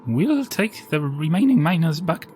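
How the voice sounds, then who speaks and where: A man's voice: fairly high pitch, sing-song, a little slow, a little mellow, slight background noise. A man voicing an earnest adventurer and party leader who speaks persuasively.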